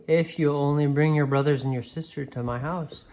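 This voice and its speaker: A woman reading a storybook aloud, voicing a cold, wicked witch queen who snaps and tempts, a little louder than her narration. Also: deep voice, fairly even intonation, normal speed, natural voice. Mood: tempting. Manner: snapping, tempting.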